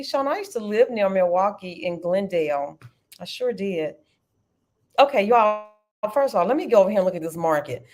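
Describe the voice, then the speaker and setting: A woman's voice: fairly high pitch, animated, slow, pauses often, darkish tone. A middle-aged woman hosting a live trading stream, chatting animatedly and calling her viewers y'all. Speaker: livestream trading host. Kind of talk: casual live-stream chat.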